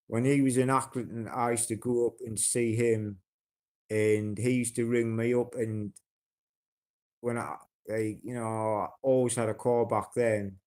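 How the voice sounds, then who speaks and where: Slow-talking sweary Geordie man. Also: medium pitch, darkish tone, smooth. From North East England. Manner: blunt, sweary, rambling with many fillers and restarts. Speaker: livestreamer. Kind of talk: casual livestream chat.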